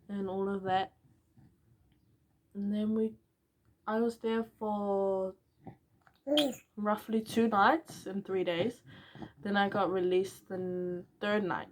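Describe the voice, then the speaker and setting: A woman's voice: mid-range voice, slight background noise. A young woman, a new mother, candidly telling her personal story and acting out both sides of old phone calls. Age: young adult.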